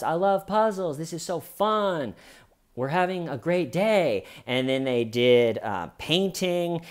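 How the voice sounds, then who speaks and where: A man giving sarcastic, comedic true-crime commentary as a host, telling the story with animated jabs. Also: medium pitch.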